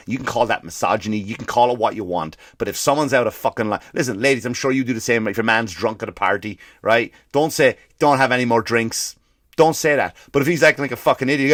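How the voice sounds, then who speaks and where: A male comedian and podcast host ranting in a profane, animated way, slipping into mock voices for the people he quotes. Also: mid-range voice, fast talker, no echo, clean studio sound. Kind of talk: comedic rant.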